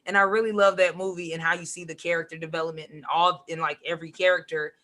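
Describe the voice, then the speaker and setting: Bright, animated woman guest. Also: lowish voice, fast. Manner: animated, says "like" a lot, acts out quotes. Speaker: podcast guest, comic writer and poet. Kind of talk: casual chat.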